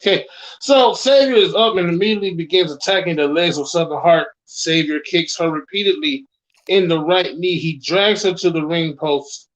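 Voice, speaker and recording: A man's voice: fairly high pitch, moderate pace, low-quality recording. A man co-hosting an online show, reading a scripted wrestling storyline aloud, sometimes tripping over words and adding his own reactions. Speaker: co-host.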